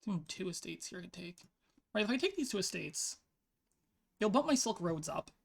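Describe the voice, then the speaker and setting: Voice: medium pitch, big pitch swings, fairly quick, gravelly. A player thinking aloud in casual commentary over their own online card game match, peppering speech with "like". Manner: thinks aloud, frequent "like" fillers.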